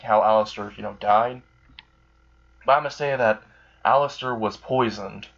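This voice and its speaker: A man's voice: fairly low pitch, fairly bright tone. A man narrating an improvised fan story in a rambling, casual way, with fillers and swearing. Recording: dull lo-fi recording.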